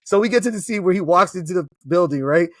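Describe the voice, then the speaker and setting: A man with a slightly high voice talks through a film's plot in a loose, excitable, slangy way, heavy on swearing. The sound is dry and close, with no room echo. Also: fast talker. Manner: excitable, slangy, profane storytelling with laughs. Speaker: movie reviewer. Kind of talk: casual film recap chat.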